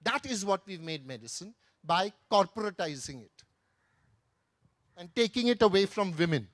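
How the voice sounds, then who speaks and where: Man, lively anecdotal storytelling, high voice, dry sound. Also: moderate pace, no room sound. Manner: animated anecdotal storytelling, mixing in Hindi phrases. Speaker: author on a festival panel. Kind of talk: storytelling talk on stage. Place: festival stage.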